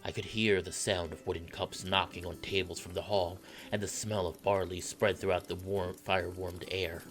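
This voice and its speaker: A man voicing a sarcastic male private investigator who narrates in a low, wry, deadpan way in a game playthrough. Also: moderate pace.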